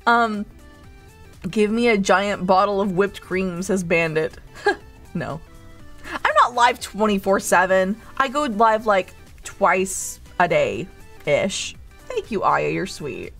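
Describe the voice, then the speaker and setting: A woman's voice: medium pitch, lively intonation, takes it slowly, gravelly, fairly bright tone, soft background music. A woman streamer hosting a cozy barista role-play, reading chat aloud in a teasing, playfully motherly way. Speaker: VTuber streamer, host.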